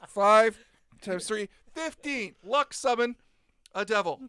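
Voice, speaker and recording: Guy player, high and bouncy voice, joking around, dry sound. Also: slow pace, clean tone, no echo. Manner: excitable, jokey. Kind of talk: tabletop game chat.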